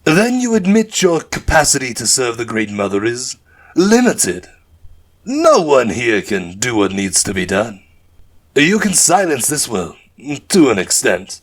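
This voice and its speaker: Man doing sinister prophet, slow drawn-out taunts, voice jumps around a lot, audiobook villain. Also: mid-range voice. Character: mischievous grinning male demon prophet.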